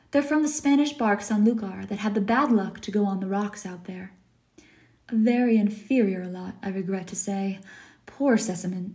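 Fields: A woman voicing a suave, cruel, aristocratic older male general while reading a story aloud, in an urbane, mocking, unhurried manner. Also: mid-range voice, dark tone, close to an everyday voice.

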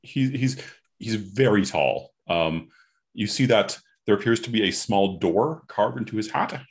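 Casting: game master, man, very low voice, deliberate narration. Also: lively intonation. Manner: deliberate, halting description.

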